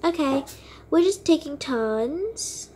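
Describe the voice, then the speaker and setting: A woman narrating a toy role-play game in a casual tone, talking straight to her viewers. Her voice is high and she speaks slowly. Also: lively intonation, darkish tone, a little hiss or hum.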